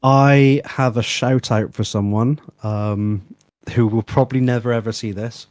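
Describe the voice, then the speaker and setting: A man's voice: medium pitch, fairly even intonation, unhurried, a little mellow, dry recording. A man giving practical business advice in a casual live stream chat, with chatty fillers. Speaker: guest and fellow tradesman.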